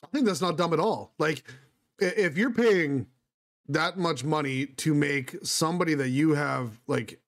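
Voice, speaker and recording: A young male podcast co-host who chats casually and backs up his friend in earnest, laughing easily. His voice sits a little high for a man. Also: measured pace. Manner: supportive, laughs along, talks in earnest. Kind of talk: casual chat.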